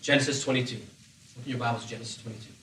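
A man preaching a sermon in an animated, humorous way, acting out voices as he tells the story. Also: mid-range voice, racing, echoey room, recorded from a distance, a little hiss or hum, low-quality recording. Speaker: pastor.

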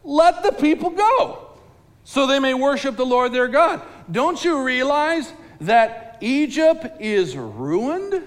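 A man's voice: extremely high pitch, big pitch swings, slow, big-room sound, voice pushed up, heavily acted. A man voicing a group of exasperated royal officials who talk bluntly and slangily, pleading with their king.

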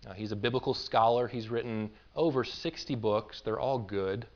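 A man's voice: lowish voice, normal speed, dull audio. A man pastoring a church, preaching a conversational sermon in an earnest, informal way and often repeating words as he builds a point.

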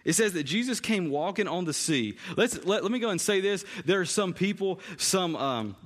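A man's voice: high-pitched, animated, normal speed, a bit bright. A man preaching a conversational sermon in a church, often repeating phrases for emphasis. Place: church sanctuary. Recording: long hall reverb.

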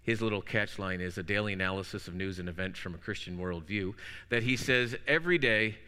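A man's voice: sits low, brisk, bright, forceful tone, clear, resonant tone. A man preaching a sermon as pastor, telling classroom anecdotes with playful wordplay. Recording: long hall reverb.

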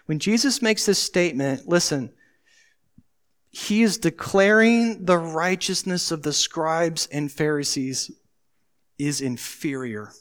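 A man preaching a sermon as pastor, emphatic and full of rhetorical questions, swinging from loud declarations to hushed asides. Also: on the high side, takes it slowly. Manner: talks to the congregation with rhetorical questions.

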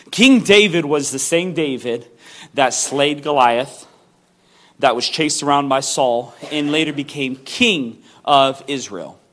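Slightly high-voiced guy preaching, lots of ums, slows way down reading scripture. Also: a bit bright. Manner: conversational preaching with frequent ums; slow, emphatic reading of scripture. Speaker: pastor. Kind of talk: sermon.

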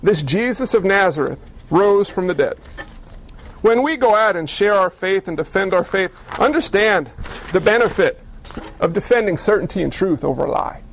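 A male pastor preaching a sermon, lively and full of rhetorical questions and wry asides. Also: high-pitched, moderate pace, creaky, a little hiss or hum.

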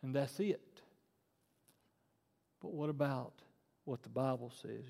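A man, preaching a sermon to his congregation, dropping to a hush and then rising to loud, emphatic appeals. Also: medium pitch, slow pace, vocal fry, long pauses. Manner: emphatic preaching that swings between hushed and loud. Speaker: pastor. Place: church sanctuary. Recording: long reverb of a church hall.

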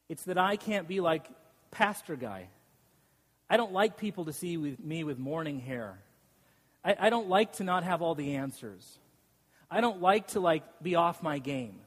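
A man preaching a sermon as a pastor, telling stories with self-deprecating humor and frequent laughs. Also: sits high. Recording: long reverb of a large hall.

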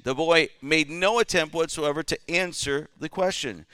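A man's voice: on the high side, normal speed, few pauses, fairly bright tone, smooth, dry recording, clean studio sound. A man preaching a Pentecost Sunday sermon, leading call-and-response and checking in with the congregation as he goes. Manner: repeatedly asks "all right?" of the listeners. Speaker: pastor. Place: church service.

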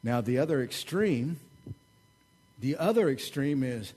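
A man preaching a sermon with a Southern American accent, joking and animated, his voice swinging louder when he mocks others. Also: mid-range voice, measured pace, pauses often, husky. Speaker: pastor. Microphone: website recording of a church service.

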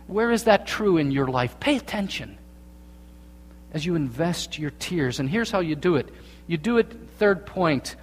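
Earnest preacher in an echoing hall. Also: male voice, on the high side. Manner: earnest, moving from hushed to emphatic. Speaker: pastor. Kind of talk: sermon. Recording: long reverb of a large hall.

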